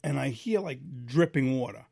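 A man in his thirties co-hosting a podcast, telling a story casually and acting out the voices loudly. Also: medium pitch, moderate pace, creaky, no echo, studio quality. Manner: animated, acts out quoted voices loudly. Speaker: podcast co-host.

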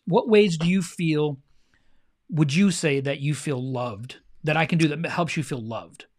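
A man in his thirties co-hosting a faith-based marriage podcast, talking in an earnest, conversational way and often checking in with "right?". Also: on the high side. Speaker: podcast co-host.

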